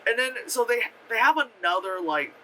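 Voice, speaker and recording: A man's voice: very high voice, animated, moderate pace, sharp tone, slight background noise, poor audio. A young man casually reviewing a movie, rambling and profane, packed with fillers as he animatedly retells scenes.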